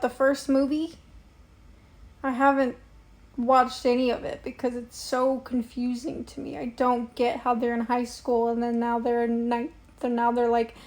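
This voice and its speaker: A woman's voice: high-pitched, darkish tone. A young woman chatting casually on a livestream, reading and answering viewer comments in a rambling way with lots of fillers. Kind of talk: casual live-stream chat.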